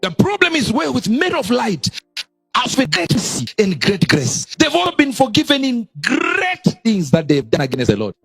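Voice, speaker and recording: A male preacher delivering a sermon in an animated way, leaping to high exclamations and dropping low again, with a husky voice. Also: normal speed, no room sound, clean studio sound, soft background music.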